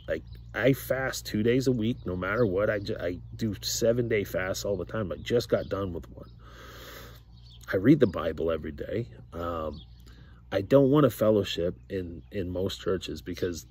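A man's voice: lowish voice, a little mellow, slight background noise. A man talking casually to camera about faith, rambling with many fillers and repeated words. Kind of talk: casual religious monologue to camera.

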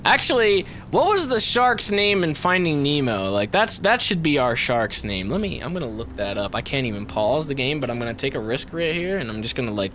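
A man giving profane, excitable let's play commentary, swinging from mutters to shouts and talking to the enemies on screen. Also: mid-range voice, slight background noise. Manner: talks to the game and its enemies. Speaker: gamer.

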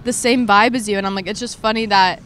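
A woman's voice: medium pitch, fairly even intonation, a bit bright, a little hiss or hum. Chatty young woman hosting a podcast. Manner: quick, chatty, heavy use of "like". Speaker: podcast host. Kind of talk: casual chat.

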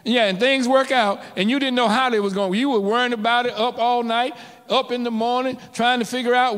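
A man's voice: extremely high pitch, steady tone, fairly quick, a bit bright, smooth. A man preaching a sermon as pastor, calling out to his congregation in rising and falling waves. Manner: call-and-response preaching, rising and dropping in waves. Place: church sanctuary. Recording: church hall reverb.

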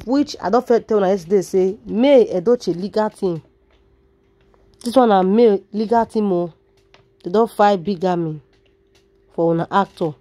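A woman's voice: mid-range voice, mellow. A woman with a Nigerian accent giving dramatic celebrity gossip commentary and calling out to her viewers. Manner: dramatic, addresses viewers directly, drawn-out sighs.

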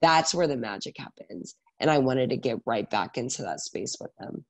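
A man in his thirties talks through his career on an interview podcast, lively and animated. His voice sits in an ordinary middle register, and he keeps checking in with the listener with a quick "right?". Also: mid-range voice, creaky. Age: 30s. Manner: energetic, animated storytelling with many filler "like" and "right?". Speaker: guest, salon owner and educator.

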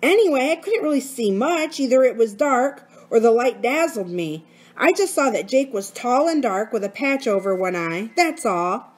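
A woman's voice: on the high side, sing-song, normal speed, pitched above the performer's own voice. A woman voicing an earnest, anxious schoolboy in a storybook reading. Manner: earnest, pleading.

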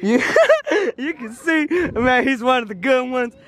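A young man vlogging casually at a family party, slangy and excitable, tipsy, mixing in Spanish words. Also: extremely high pitch, unhurried. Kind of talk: casual vlog chat. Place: outdoors at a family party on a ranch.

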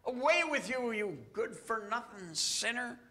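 A male pastor voicing a hostile man in a crowd who shouts scornful insults, in a sermon. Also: very high-pitched, very animated, unhurried, heavily acted.

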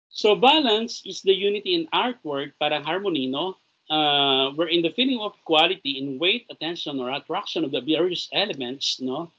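A man with a Filipino accent delivers a recorded lecture, mixing English and Tagalog. His voice is bright and somewhat husky, a touch higher than most men's. He keeps tagging phrases with a questioning "no?", and the recording sounds dull and lo-fi. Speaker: teacher.

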